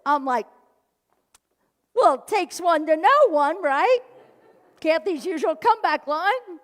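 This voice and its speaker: A woman's voice: extremely high pitch, expressive, slow, pauses often. A woman minister giving a sermon, telling a story with jokes and acting out the people she quotes. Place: church sanctuary. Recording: hall reverb.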